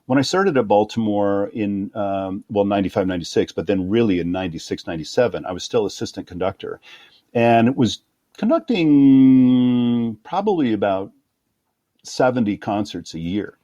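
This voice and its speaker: A middle-aged man with a low voice tells anecdotes in a relaxed interview. He slips into other people's voices to act out the quotes, and laughs easily. The sound is dry and close. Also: moderate pace, no echo, highs cut off. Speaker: guest conductor. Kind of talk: storytelling interview.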